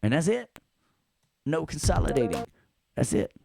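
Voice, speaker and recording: A man's voice: on the high side, huge pitch swings, moderate pace, gravelly. A middle-aged man with a New York accent teaching an audio workstation lesson, joking around and scatting along with the music. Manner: playful, jokey, scats and hums along to the music. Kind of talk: casual screen-recorded lesson.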